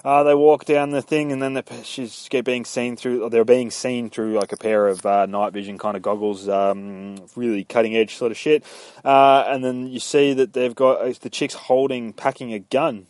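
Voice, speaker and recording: A man's voice: medium pitch, fairly even intonation, normal speed, a little mellow, clear, resonant tone, no room sound. A young man casually retelling a game's story in a rambling, profane way, slipping into quoted voices. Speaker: gamer recapping a story.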